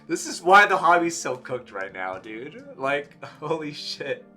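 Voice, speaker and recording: A man's voice: on the high side, big pitch swings, measured pace, pushed and bright, faint music behind. A young man giving blunt, exasperated reaction commentary, swearing freely and mocking what he reads. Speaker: commentary streamer.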